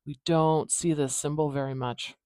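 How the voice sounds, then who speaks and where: A Canadian English speaker teaching phonetics in a casual tutorial, patiently repeating sounds slowly to demonstrate them. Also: medium pitch, steady tone, darkish tone, no echo, clean studio sound.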